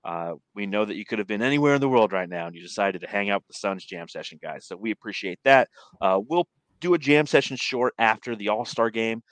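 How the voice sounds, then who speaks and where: A man's voice: lowish voice, expressive, fast, fairly bright tone, no echo. A man hosting a casual sports podcast, telling rambling stories and laughing often. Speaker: podcast host. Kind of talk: casual chat.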